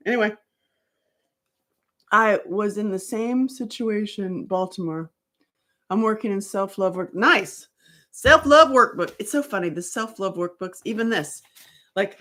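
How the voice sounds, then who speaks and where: A woman talking casually to her viewers about healing, rambling and animated, often breaking off mid-sentence. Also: medium pitch. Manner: rambling, animated, self-interrupting. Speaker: author and survivor advocate. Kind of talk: casual livestream talk.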